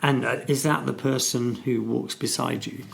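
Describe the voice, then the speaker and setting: A man co-hosts a relaxed podcast discussion, thinking aloud in halting, hesitant phrases. His voice sits mid-range for a man and has a gravelly fry throughout. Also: mid-range voice. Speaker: podcast co-host. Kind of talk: casual conversational discussion.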